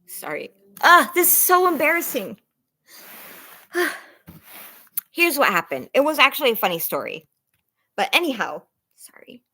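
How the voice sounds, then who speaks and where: A woman's voice: high-pitched, big pitch swings, a little slow, pauses often, pushed and bright. A woman vlogger talking casually to her viewers in a rambling, self-conscious way, laughing between thoughts and close to tears.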